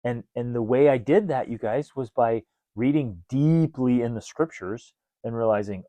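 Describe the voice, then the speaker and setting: A man hosting a podcast in an animated way, his dark voice recorded dry and close. He jumps into quoted voices as he acts out what he tells himself. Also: medium pitch, normal speed, few pauses, dry recording. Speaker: podcast host. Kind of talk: casual podcast talk.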